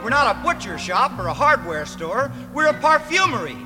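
A man's voice: very high-pitched, very animated, moderate pace, music in the background. A man playing an eager, boastful young errand boy in a musical cast recording. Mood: perky. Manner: perky, boastful. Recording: reverberant cast album over orchestra.

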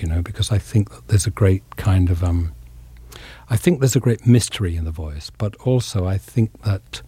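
An English actor giving an interview, speaking thoughtfully and haltingly with many pauses and fillers. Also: male voice, deep voice, warm tone, slightly rough. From England. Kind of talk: reflective interview talk.

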